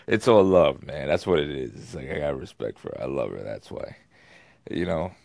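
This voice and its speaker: A man's voice: a bass voice, gravelly, darkish tone, dry recording. A man telling a rambling story to his channel, cursing freely, restarting his sentences and laughing at himself. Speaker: YouTube vlogger. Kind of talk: casual storytelling monologue.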